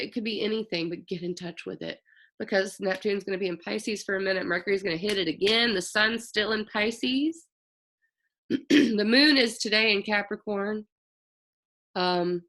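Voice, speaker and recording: A woman's voice: medium pitch, a bit bright. A woman astrologer giving a loose, chatty forecast, often stopping to correct herself and tossing in slang. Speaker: astrologer host.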